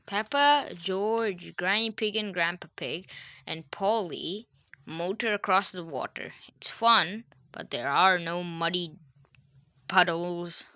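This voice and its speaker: A woman's voice: on the low side, takes it slowly, pushed and bright, dry recording. A woman reading a children's storybook aloud, adding chatty asides to the listener.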